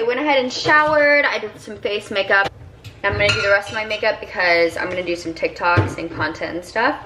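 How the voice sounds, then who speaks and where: A woman's voice: fairly low pitch, fairly bright tone, a little hiss or hum, poor audio. A woman vlogging her day in a chatty, bubbly way, full of "like" and "um". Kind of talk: casual day-in-the-life vlog chat.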